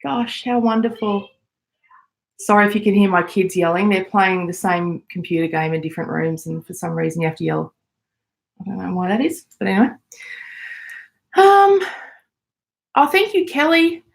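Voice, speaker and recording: A woman's voice: mid-range voice, normal speed, creaky, pauses often. An Australian woman hosting a casual live chat from home, chatting and reading out viewer messages. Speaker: podcast host.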